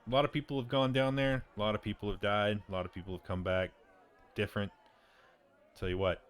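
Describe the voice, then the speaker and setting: A man voicing a blunt, gruff leader of an adventuring team in a tabletop game. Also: fairly low pitch, fairly even intonation, fast, natural voice. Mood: grave. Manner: blunt, exasperated.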